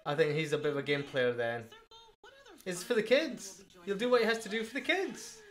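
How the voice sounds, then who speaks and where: A quippy British host talks through a reality show in a loose, excitable reaction commentary. The voice sits at a middling pitch and moves at an easy pace, full of quick asides and little laughs. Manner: chatty, quippy, excitable, laughs at own jokes.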